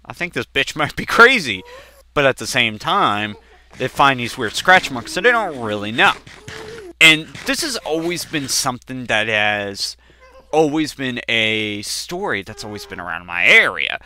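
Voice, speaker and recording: A bright-voiced young man hosts a gaming channel, giving casual let's play commentary at a medium pitch in a sing-song, slightly slow way. He rambles through stories, swears casually, and suddenly breaks into loud outbursts.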